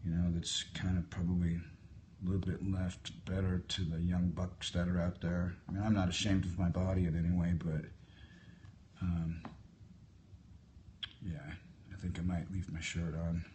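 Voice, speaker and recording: A man in his fifties with a deep, low voice, talking into a phone during a live stream. He answers viewer questions in a relaxed, musing way and wanders from one topic to the next. Faint ambient noise sits behind him. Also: moderate pace, long pauses. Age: 50s. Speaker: livestreamer answering viewer comments. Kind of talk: casual live-stream chat. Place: hotel at sunrise. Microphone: phone held for a live stream.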